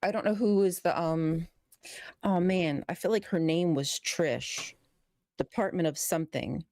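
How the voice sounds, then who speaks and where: A woman's voice: lowish voice, unhurried, a little mellow, no room sound, clean studio sound. A woman co-hosting a live talk show, speaking bluntly and emphatically about politics, with plenty of swearing. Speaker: co-host of a call-in show. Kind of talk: casual political chat.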